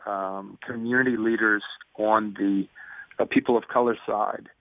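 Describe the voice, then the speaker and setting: Over a tinny phone line, a prison ministry speaker in his fifties talks as a guest in a conversational interview. His voice is on the low side, steady and measured, with no room sound. He is an earnest storyteller who acts out the dialogue.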